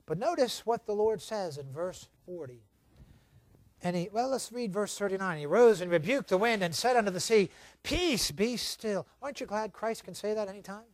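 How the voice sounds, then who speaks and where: A man preaching a sermon, swinging from shouted lines to hushed, dramatic ones. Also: sits high, animated, a little fast, no room sound.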